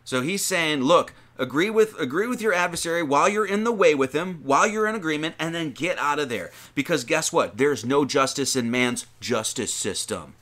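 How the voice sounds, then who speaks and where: Animated bright-voiced man preaching casually. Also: fairly high pitch, moderate pace, hardly any pauses. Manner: animated, slangy, reads verses then riffs with rhetorical questions. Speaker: lay preacher. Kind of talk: informal sermon on scripture.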